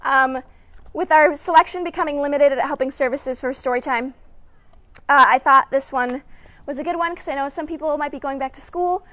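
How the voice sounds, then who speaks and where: At a moderate pace, a woman with a high-pitched, fairly bright voice leads little children through story-time movement games. She's encouraging and playful, talks directly to them, and hums little sound effects, laughing between cues.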